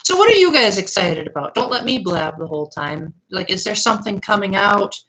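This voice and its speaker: A woman's voice: medium pitch, animated, fairly quick, a bit bright, poor audio. Chatty young woman streamer. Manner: chatty, reads and answers viewer comments. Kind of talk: casual live-stream chat.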